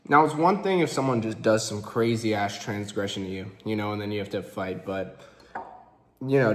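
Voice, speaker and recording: A young man in his twenties rambles through a casual vlog, full of fillers and loose asides. His voice sits a little low and relaxed. A roomy echo hangs around every line. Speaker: vlogger.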